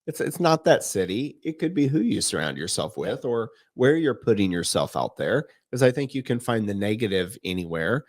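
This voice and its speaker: A man co-hosting a casual podcast, with a gravelly, creaky voice that swoops up and down as he talks. He acts out the people in his stories and laughs easily. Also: on the low side, moderate pace, hardly any pauses. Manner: animated storyteller, acts out quotes, laughs often. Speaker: podcast co-host. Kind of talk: casual chat.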